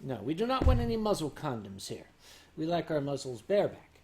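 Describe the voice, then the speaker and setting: A man hosting a casual livestream and answering viewer questions with dry, deadpan humor, loose and tipsy as he sips sake. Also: on the high side, brisk, background noise. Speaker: livestream host.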